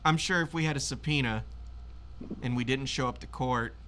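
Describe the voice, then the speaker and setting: A man chats on a home live stream in an easy, conversational way. He often pauses on fillers, his pitch is middling, and a faint hiss sits under his voice. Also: sharp tone. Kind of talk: casual political chat.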